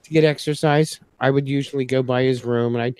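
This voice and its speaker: A man telling stories in a casual group chat, chatty and quick to laugh. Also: mid-range voice, steady tone, darkish tone, smooth, no echo.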